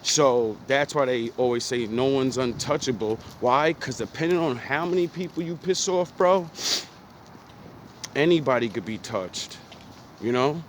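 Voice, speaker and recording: A man from New Jersey giving an intense, profane motivational talk in street slang, at times rising to pleading shouts. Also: medium pitch, unhurried, slight background noise. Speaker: motivational speaker. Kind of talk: passionate monologue.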